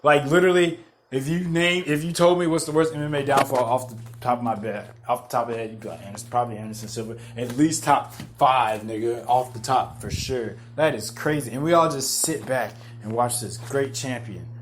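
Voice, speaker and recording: A man hosting a podcast, rambling in excitable, profane casual chat full of restarts. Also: mid-range voice, a little fast, slight background noise. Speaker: podcast host. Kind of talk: casual chat about MMA fights.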